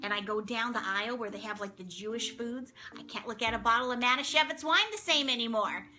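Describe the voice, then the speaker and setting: A middle-aged woman telling a story to camera in a chatty, animated way, full of exclamations and acted-out voices. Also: a little high, fast. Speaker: vlog host telling a story.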